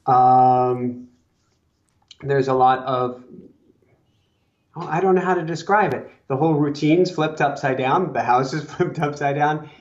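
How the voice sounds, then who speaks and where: A man's voice: medium pitch, a little slow, pauses often. Easygoing man on dull lo-fi audio. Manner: easygoing, chuckling often. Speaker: podcast guest. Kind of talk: casual chat.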